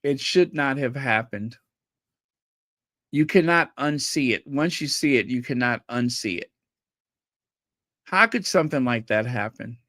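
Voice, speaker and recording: A man's voice: medium pitch, measured pace, pauses often, no room sound. Sex: man. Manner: incredulous, rambling. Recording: dry. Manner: animated, incredulous, rambling with restarts. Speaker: channel host reading viewer chats. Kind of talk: casual live-stream commentary.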